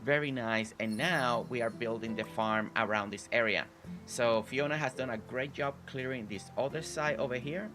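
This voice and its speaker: Talking over music at a normal speed, a man with a mid-range voice plays a farming game on a live stream. He keeps things casual and friendly, reading chat and thanking viewers by name.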